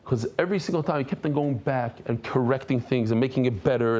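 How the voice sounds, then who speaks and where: A middle-aged man, a rabbi, teaching a daily Talmud class in an animated, conversational way, mixing Hebrew and Aramaic terms into his English. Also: mid-range voice, fast talker, hardly any pauses. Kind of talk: lively Talmud lesson.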